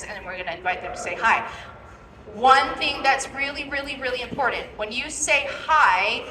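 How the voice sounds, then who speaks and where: Woman dog trainer, high voice, live demo, far off in a big echoey expo hall, faint ambience. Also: noisy background. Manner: instructive, repeats "okay?" to check in. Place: large indoor expo hall.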